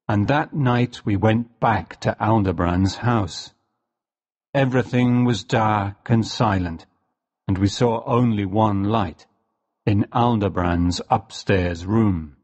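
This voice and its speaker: Slow, low-voiced male story narrator. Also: lo-fi sound. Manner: slow and clear, for language learners. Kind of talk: graded-reader story narration.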